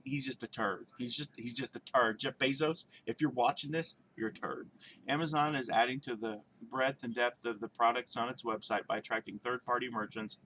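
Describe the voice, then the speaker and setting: A man reading news on his vlog in a mid-pitched voice, drifting into rambling, chatty asides and correcting himself as he goes. Faint noise sits behind him. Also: a bit bright. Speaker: vlogger. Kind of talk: reading news aloud with off-the-cuff commentary.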